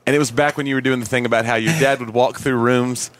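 A man's voice: mid-range voice, fairly even intonation, quick pace, fairly bright tone. A man co-hosting a podcast, telling stories and laughing easily in casual chat. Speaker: tour companion and podcast co-host.

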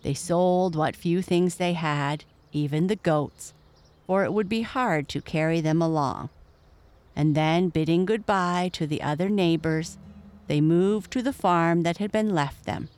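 A woman narrating a storybook in a calm, measured reading voice. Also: on the low side.

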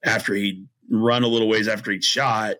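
A man's voice: lowish voice, moderate pace. A man from the Midwest telling long, rambling hunting stories as a podcast guest, full of fillers and restarts, and acting out the voices he quotes. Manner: animated, acts out quoted voices. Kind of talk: casual storytelling.

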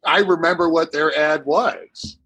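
A man's voice: on the high side, a little slow, vocal fry, bright, forceful tone, slightly rough, no room sound, rough recording. A middle-aged man from Massachusetts with a Boston accent, telling stories in a casual podcast chat. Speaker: guest actor.

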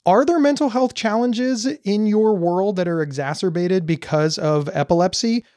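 A man's voice: sits high, normal speed, a little mellow, no echo, clean studio sound. A man hosting a mental health podcast, asking questions in a thoughtful, conversational way. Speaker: podcast host. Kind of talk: podcast interview.

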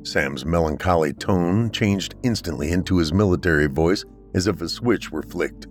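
Deep-voiced male story narrator. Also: moderate pace, hardly any pauses, soft background music. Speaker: podcast storyteller. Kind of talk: scripted narration of a horror story.

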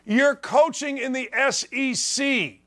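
High, bright-voiced ranting man in his sixties. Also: takes it slowly. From northwest Indiana. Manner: ranting, mocking, repeats his points. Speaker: sports talk show host. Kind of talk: opinionated sports talk monologue.

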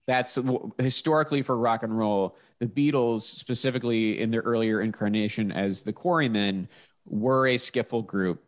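A man's voice: medium pitch, moderate pace. A man co-hosting a casual music podcast, explaining music history in an easygoing way. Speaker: podcast co-host.

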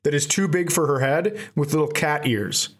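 A man with a slightly higher-than-average voice spins a comic story on a podcast. He swears freely and breaks into laughter at his own punchlines. The delivery is loose and chatty. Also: moderate pace, husky. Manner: profane, laughs through his own stories. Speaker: podcast co-host. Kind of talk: casual comedic storytelling.

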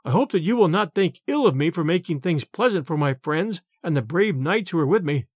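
A gentle, anxious abbot speaks humbly and pleads for mercy, as a male storyteller puts him on. The voice stays high and lively, heard close and dry. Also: fairly quick, slightly rough, dry recording. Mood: pleading. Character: worried wealthy abbot, gentle older man. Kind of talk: storybook character voice.

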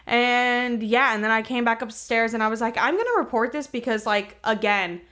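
A young woman co-hosting a podcast, telling a story in a casual, animated and profane way. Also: a little high, normal speed. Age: young adult. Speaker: podcast co-host. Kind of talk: casual chat.

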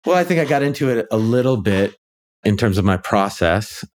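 Reflective male author, lowish voice. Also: animated, fairly quick. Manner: reflective, talks through ideas with many fillers. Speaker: ghostwriter and author, guest. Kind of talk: casual conversation.

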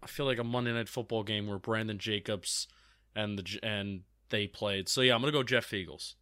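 A man's voice: on the low side, fairly even intonation, a little fast, bright, forceful tone, clean tone, dry recording. A man co-hosting a casual sports podcast, telling stories in an easygoing way and laughing along. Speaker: podcast co-host and producer.

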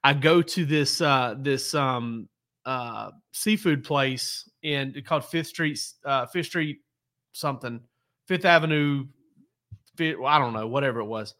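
A man's voice: medium pitch, measured pace, bright, forceful tone. A man telling casual, rambling stories on a sports podcast, often correcting himself as he goes. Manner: rambling, self-correcting, laid-back storyteller. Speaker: sports reporter.

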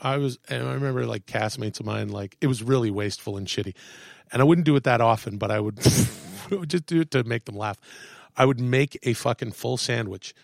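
A man in a casual podcast chat, telling animated stories, swearing freely and acting out what people said. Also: medium pitch, a little fast, creaky, no room sound, clean studio sound. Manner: animated storyteller, swears, acts out quotes. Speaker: podcast guest, actor and comedian. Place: podcast studio.

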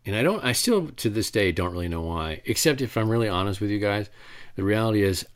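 Brief: middle-aged man, low voice, rambling anecdotal storyteller at a talk, lots of restarts. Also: fairly quick. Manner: rambling, many restarts and fillers, animated retelling. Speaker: author giving a talk.

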